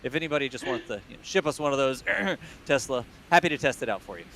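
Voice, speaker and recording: A man co-hosting a launch livestream in casual, joking chat, his voice worn hoarse. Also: mid-range voice, animated, fast, a bit bright, slight background noise. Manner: joking, laughs often. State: losing his voice. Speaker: livestream co-host.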